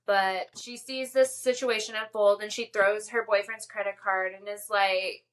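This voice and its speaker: A woman's voice: medium pitch, fairly even intonation, normal speed, a bit bright. A woman co-hosting a podcast, recapping a TV episode in casual, enthusiastic chat with many filler words. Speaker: podcast co-host.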